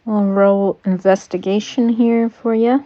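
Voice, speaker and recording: A woman game master narrating a tabletop game on a stream. She talks slowly, laughs often and teases her players. The audio is dull and lo-fi. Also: mid-range voice, steady tone, mellow. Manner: teasing, laughs often, many fillers.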